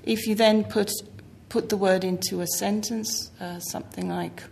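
A woman's voice: mid-range voice, fairly even intonation, moderate pace, gravelly, hardly any pauses, a little mellow, slight background noise. A woman English teacher giving patient explanations in an interview clip.

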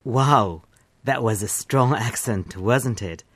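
A man's voice: medium pitch, takes it slowly, a bit bright, husky, no echo. A man co-presenting a language programme, asking curious questions and summing up for learners. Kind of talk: scripted educational presenting.

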